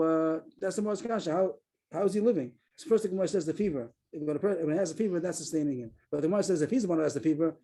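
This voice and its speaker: Male Talmud teacher on a video call, rattles through the text, dark and husky. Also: on the high side. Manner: explains quickly, repeats phrases, reads Aramaic text aloud. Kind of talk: Daf Yomi class on a video call.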